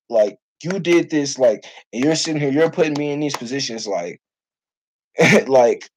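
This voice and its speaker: A young college football player tells a story straight to camera, husky and a little rough around the edges. He talks in animated, slang-heavy bursts with plenty of swearing, at an ordinary middle pitch. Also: low-quality recording. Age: young adult.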